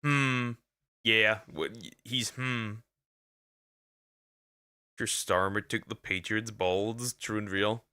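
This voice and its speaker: Male streamer, bright tone, dry close mic, stammering jokey reactions. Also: fairly low pitch, slow pace, pauses often, clean tone, dry recording. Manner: rambling, stammering, jokey asides. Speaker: VTuber streamer reacting to videos. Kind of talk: casual reaction commentary. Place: lives in Germany.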